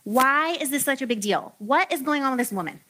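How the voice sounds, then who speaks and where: A woman preacher talks through her sermon like a chat with friends, playful and quick to joke. Her voice is bright and a touch high, with a clear, forward ring. She fills her lines with "like" and easy asides. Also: animated, a little hiss or hum. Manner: chatty and playful, heavy use of "like". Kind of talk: casual humorous sermon.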